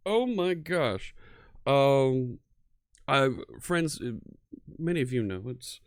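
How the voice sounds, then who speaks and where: This time the American streamer from around Philadelphia speaks slowly and smoothly, leaving long pauses while his medium pitch swings widely. Recorded dry with clean studio sound, he chats with viewers on his casual coding stream, greeting them and laughing easily.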